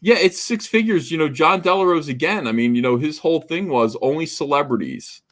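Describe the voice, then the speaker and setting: A man's voice: on the high side, brisk, fairly bright tone. A man talking casually on a livestream, rambling with lots of hesitations and a dry, sarcastic humor. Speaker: co-host on a livestream talk show.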